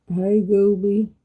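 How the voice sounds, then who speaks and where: A woman hosting a casual cooking vlog, talking in a relaxed, folksy way to herself and greeting viewers by name. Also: fairly low pitch, slightly rough, narrow, tinny audio. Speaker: cooking channel host. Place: home kitchen.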